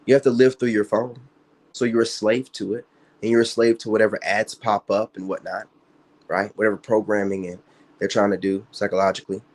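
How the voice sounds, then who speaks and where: A man ranting on his livestream in a taunting, boastful way, with slangy, profane talk. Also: mid-range voice. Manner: taunting, trash-talking, boastful. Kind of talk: casual livestream rant.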